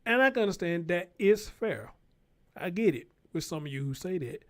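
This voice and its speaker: A man's voice: sits high, animated, moderate pace, fairly bright tone. A man hosting his own show, giving a blunt, profane, unscripted commentary and repeating his points for emphasis, speaking.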